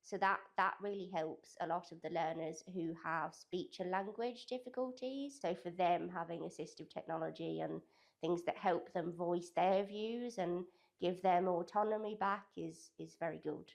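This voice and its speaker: Lower-voiced young woman, hedging interview talk. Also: moderate pace, creaky. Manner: loose, hedging talk full of "kind of" and "sort of". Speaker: digital communications apprentice at a college. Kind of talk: interview answers.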